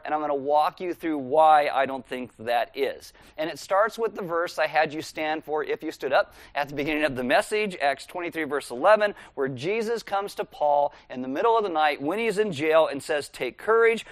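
A male pastor preaching a sermon in a relaxed, conversational way, walking listeners through scripture verse by verse. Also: a little high, dry recording.

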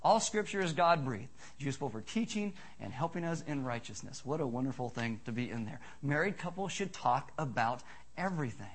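A middle-aged man pastor preaching a sermon in an animated, joking, emphatic way. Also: medium pitch, fairly quick.

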